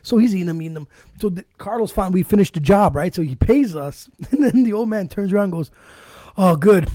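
Animated high-voiced man. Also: quick pace, no echo, studio quality. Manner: animated storytelling, heavy swearing. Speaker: podcast co-host. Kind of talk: casual chat.

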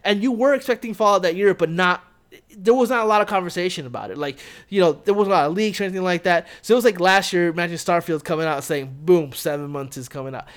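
A man's voice: sits high, quick pace, a bit bright. A man in casual podcast chat, talking through game reveals in a rambling way with many fillers.

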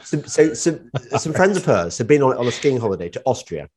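A man's voice: medium pitch, very animated, fairly quick, darkish tone, slight background noise. A man hosting a casual interview, asking rambling questions and telling anecdotes.

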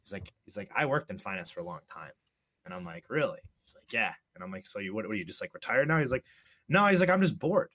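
A man's voice: lowish voice, fast. A young man casually telling a story, swearing often and acting out both sides of a conversation. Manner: profane, animated storyteller, acts out dialogue.

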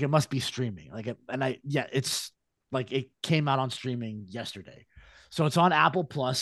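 A man co-hosting a podcast, telling a story in a casual, lively way and slipping into silly mock accents. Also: mid-range voice, no room sound, studio quality. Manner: animated storyteller, slips into mock British voices. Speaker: podcast co-host. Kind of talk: casual chat.

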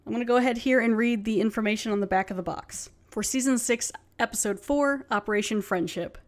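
A woman's voice: on the high side, a little fast. Chatty woman podcast host. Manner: chatty, rambling with many fillers. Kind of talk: casual chat.

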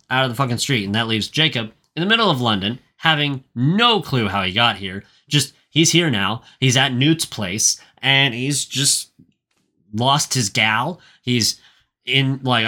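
Podcast co-host, male, bright voice, profane and rambling recap delivery. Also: medium pitch. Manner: profane, ranting, lots of filler words. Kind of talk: casual movie recap.

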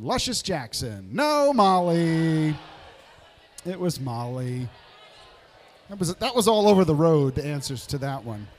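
A man with a high, bouncy voice runs a pub quiz and takes his time over each answer. He reads out results and tosses in wisecracks. He is recorded live in a pub. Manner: jokey, reads out answers with asides. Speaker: pub trivia host.

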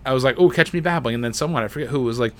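A man's voice: mid-range voice, very fast, a little hiss or hum. A man hosting a casual gaming podcast, rambling and joking at his own slip-ups. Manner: rambling, self-mocking, loose. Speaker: podcast host.

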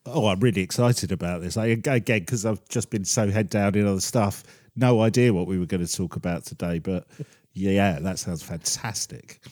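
A man's voice: low voice, moderate pace, darkish tone, no room sound, studio quality. Friendly podcast co-host, man. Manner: friendly, eager listener. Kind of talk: casual chat.

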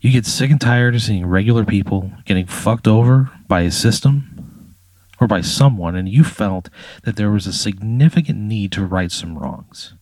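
A man's voice: lowish voice, moderate pace, darkish tone, no echo. A man spinning an improvised story in a loose, casual way, swearing and saying "like" and "you know" a lot. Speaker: podcast storyteller.

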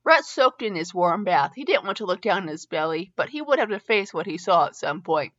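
A middle-aged woman, a fanfiction reader and podcast host, reads a story aloud with chatty asides, often stumbling over words and starting again. Her mid-range voice is bright and sharp, fairly quick, with big pitch swings. The recording sounds muffled and lo-fi.

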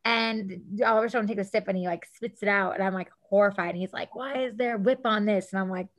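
A woman in her thirties, a guest on an interview show, telling stories in a lively casual way and acting out what people said. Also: medium pitch, brisk. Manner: animated, acts out quotes, says "like" often. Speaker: guest, celebrity stylist.

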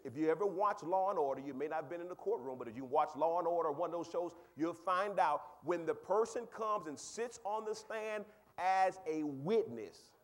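A male pastor preaching a sermon, talking with the congregation and swinging from quiet asides to loud, high exclaims, with quick repeats of words. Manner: conversational, asks the congregation questions.

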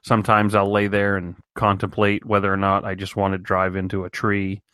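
A man co-hosting a podcast, chatting casually with dry, deadpan jokes. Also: deep voice, fairly quick, clean tone, no echo. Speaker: podcast co-host. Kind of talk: casual chat.

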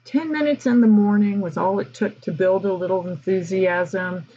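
A woman's voice: medium pitch, moderate pace, mellow, highs cut off. A woman teacher, telling stories casually on a podcast, with lots of fillers and an easy, chatty manner. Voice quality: husky, breathy. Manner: chatty, with frequent fillers and laughs.

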